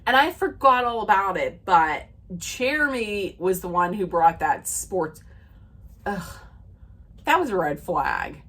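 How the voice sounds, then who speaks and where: A woman's voice: on the low side, a bit bright. A woman recapping a reality dating show in a casual, rambling rant, with many fillers and restarts, quoting the cast as she goes. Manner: retells scenes by quoting the cast.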